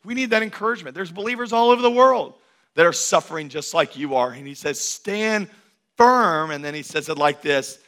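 A male pastor preaching a sermon in a rhythmic, repetitive cadence, swinging from loud emphatic declarations to hushed, intimate asides. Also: a little high, fast talker.

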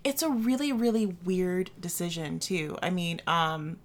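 A woman's voice: lowish voice, expressive, a little slow. A woman co-hosting a casual chat about a film adaptation, blunt and opinionated with dry sarcastic asides. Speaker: podcast co-host.

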